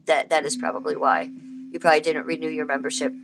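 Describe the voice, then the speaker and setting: A woman streaming from home on her phone, rambling and venting in a casual, chatty way while greeting viewers by name. Soft music plays faintly behind her. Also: low-pitched, level tone, fast talker, low-quality recording. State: aching tooth. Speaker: livestream host. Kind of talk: casual livestream chat.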